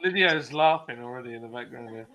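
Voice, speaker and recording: A man's voice: medium pitch, quick pace, sharp tone, no echo. A man hosting a casual livestream chat, reading out viewer comments in a laid-back, chatty way. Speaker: livestream host. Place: home.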